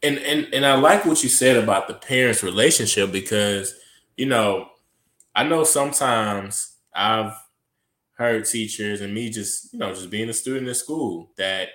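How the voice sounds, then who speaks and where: A man hosting an interview, an aspiring teacher, asking tentative, halting questions and giving short affirmations. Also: lowish voice, fairly bright tone. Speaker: podcast host and aspiring teacher. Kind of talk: conversational interview. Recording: echoey room.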